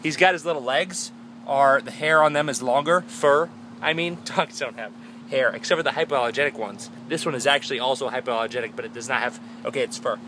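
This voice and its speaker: Excitable vlogger, man in his twenties, bright crisp tone, chatty and rambling, faint background hum. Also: a little fast. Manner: excitable, jumps high and loud when calling his dog; chatty and rambling, laughs often. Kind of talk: casual vlog chat.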